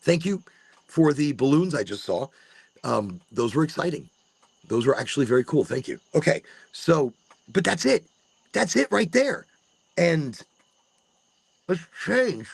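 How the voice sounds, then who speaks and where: Gravelly man rambling outdoors at night. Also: fairly high pitch, sing-song, measured pace, long pauses, no echo. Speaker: podcast host. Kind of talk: casual late-night monologue. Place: outdoors on rural land at night. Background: crickets and insects.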